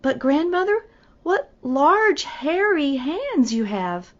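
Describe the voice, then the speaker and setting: A woman voicing an innocent, cheerful young girl in a storybook, speaking slowly and earnestly. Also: medium pitch, very animated, muffled recording. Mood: wondering.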